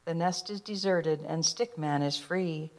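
A woman narrating a children's rhyming picture book with a gentle, rhythmic delivery. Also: low voice, measured pace.

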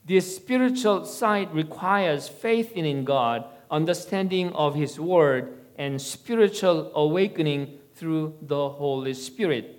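A man giving a sermon-style teaching in a measured, deliberate way. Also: fairly high pitch.

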